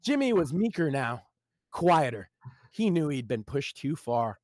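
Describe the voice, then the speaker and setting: A man's voice: fairly high pitch, big pitch swings, a little slow, a little mellow. Man dramatically reading his own story. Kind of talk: live story reading on a stream.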